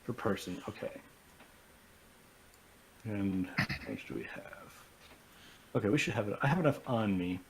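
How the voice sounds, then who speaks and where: Lively playful tabletop player. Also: deep voice, normal speed, pauses often, a little hiss or hum. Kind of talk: tabletop role-play.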